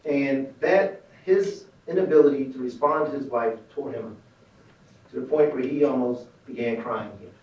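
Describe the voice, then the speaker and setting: A man's voice: mid-range voice, unhurried, a little mellow, dull audio. A male attorney delivering a closing argument, speaking emphatically to the jury. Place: echoey courtroom. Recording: echoey courtroom recording from far off.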